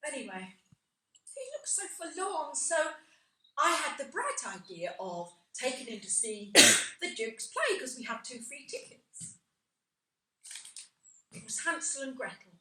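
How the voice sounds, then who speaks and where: A woman's voice: on the high side, bright, forceful tone, full character voice. An older woman acting in an amateur stage play, playing a chatty woman who rambles through old memories and laughs at her own asides. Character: chatty older woman reminiscing on a park bench. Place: theatre stage. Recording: roomy hall sound from a distant mic.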